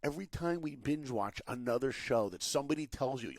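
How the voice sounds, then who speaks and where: A man's voice: medium pitch, brisk, dry recording, clean studio sound. A man telling motivational stories as a podcast guest, acting out the quotes with a lot of energy. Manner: animated, acts out quotes. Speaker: podcast guest, animation director. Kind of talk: motivational storytelling.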